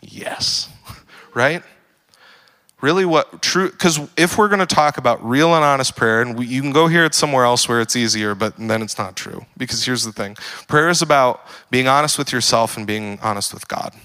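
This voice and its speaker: A young adult man preaching a casual sermon, joking and full of fillers, building to animated emphasis. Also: mid-range voice, normal speed, clean tone. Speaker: pastor.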